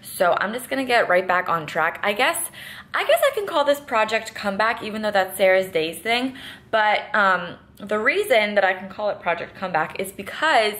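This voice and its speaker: A woman's voice: medium pitch, expressive, moderate pace, a bit bright. Chatty woman vlogging upbeat at home. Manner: chatty, filler-heavy, upbeat. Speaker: fitness vlogger. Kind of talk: casual vlog chat.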